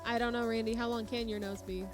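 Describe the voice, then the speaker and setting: Young female co-host, high voice, teasing replies, music clearly behind. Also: flat delivery, fast talker. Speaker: youth show co-host. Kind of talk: playful livestream banter.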